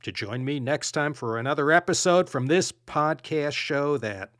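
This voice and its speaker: A man hosting a podcast, telling an old tale in an animated, playful storytelling way. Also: on the high side, moderate pace, no room sound, clean studio sound. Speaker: podcast host.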